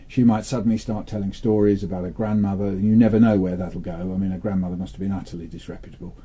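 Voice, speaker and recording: An older man from England, talking in a relaxed interview with a dry, playful manner and telling jokes with lively delivery. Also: low voice, fast talker, a little hiss or hum. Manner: dry, playful, animated when storytelling. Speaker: interviewee, children's author.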